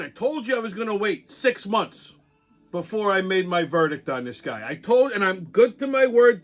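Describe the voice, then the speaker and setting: A man hosting a comic, profane ranting monologue, telling stories in an animated way. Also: sits high. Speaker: host.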